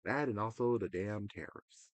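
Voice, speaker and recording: A gaming commentator with a fairly low voice rants casually to camera about video games at a moderate pace, with no room sound. Exasperated and profane, he swings between loud outbursts and muttering, sometimes mocking others in a put-on voice.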